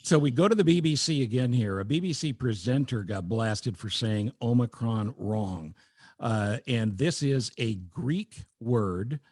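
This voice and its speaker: Male podcast host, casual and wry, animated delivery, dry close-mic sound. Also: medium pitch, a little slow, dry recording. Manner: wry, joking, lively delivery. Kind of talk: casual chat.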